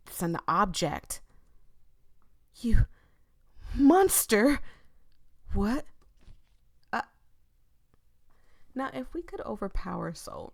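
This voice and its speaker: A young woman reads a story game aloud as a streamer, shifting from hushed narration to dramatic reactions. Her voice sits at a medium pitch. The sound is dry and close, with no room echo. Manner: expressive, dramatic, shifts between hushed reading and loud reactions. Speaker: streamer playing a visual novel.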